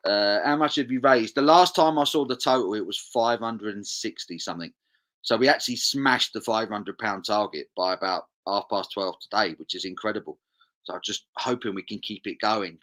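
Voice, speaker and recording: A man's voice: lowish voice, a bit bright. A young man, hosting a charity live stream, casually reading viewer comments aloud and chatting along.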